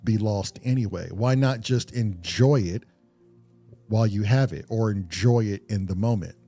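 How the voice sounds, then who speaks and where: A man's voice: fairly low pitch, moderate pace, dark tone, faint music behind. A man on a podcast talking earnestly and reflectively, swearing casually and often restarting his sentences. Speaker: podcast co-host.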